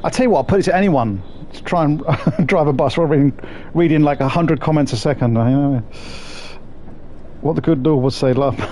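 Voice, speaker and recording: A man's voice: a little high, brisk, mellow, slight background noise. A man streaming a bus simulator, swearing and joking with his chat as he plays. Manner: sweary, jokey banter with chat. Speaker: gaming streamer. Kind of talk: live gameplay commentary.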